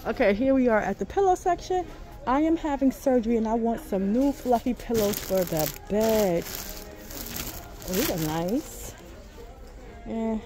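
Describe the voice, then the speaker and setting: A woman filming a casual shopping vlog in a home goods store, gushing and excitable as she talks to her viewers. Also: a little high. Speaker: vlogger.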